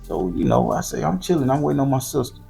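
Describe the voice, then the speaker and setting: A man from southern Florida hosting his channel, telling a graphic, profane story in loose, slangy, animated monologue. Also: mid-range voice, fast, gravelly, soft background music. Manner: profane, slangy and animated, voice jumping up for quoted lines. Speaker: storyteller host.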